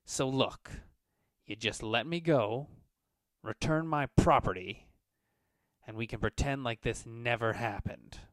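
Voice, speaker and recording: A blustering merchant crime boss in a tabletop game, as a man puts him on. He talks smooth and menacing, louder and a touch higher than the speaker's own voice, recorded dry and close. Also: takes it slowly, no room sound. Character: cocky male merchant crime boss, threatening.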